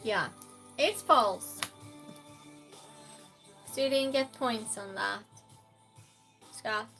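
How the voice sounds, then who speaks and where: Woman streamer hosting a quiz, high voice, unhurried, reads chat aloud, switches between loud and hushed. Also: soft background music. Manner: reads chat aloud, slow and chatty, swings between loud outbursts and soft near-whispers. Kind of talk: casual live-stream chat.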